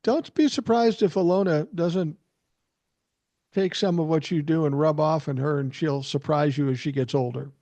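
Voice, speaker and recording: A man's voice: on the high side, normal speed, dark tone, dry recording. A man hosting a podcast, telling blunt, profane stories in casual chat. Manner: blunt storyteller who swears freely. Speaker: podcast host.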